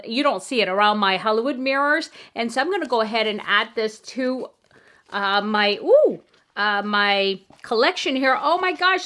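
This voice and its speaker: A woman's voice: a little high, pushed and bright. A woman vlogger chatting casually as she unboxes friend mail, gushing and full of fillers. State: tearful. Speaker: beauty vlogger.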